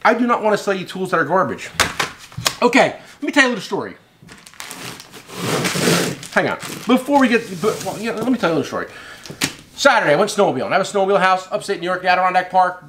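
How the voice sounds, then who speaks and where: A man's voice: high-pitched, background noise. A middle-aged man hosting his own show, telling a long story in a loose, rambling way and swearing casually. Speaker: host and tool company owner.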